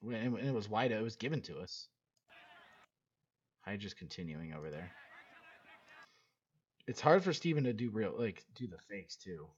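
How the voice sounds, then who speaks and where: Male coach, low-pitched, blunt casual film breakdown with some cursing; muffled lo-fi recording with faint hiss. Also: very animated, moderate pace, long pauses. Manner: blunt, swears casually, repeats himself. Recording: dull lo-fi recording.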